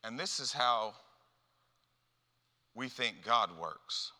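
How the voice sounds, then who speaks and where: A man preaching a sermon to a youth gathering, animated and rhetorical, often repeating words as he builds up steam. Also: medium pitch, drawn-out words, long pauses, in a large hall.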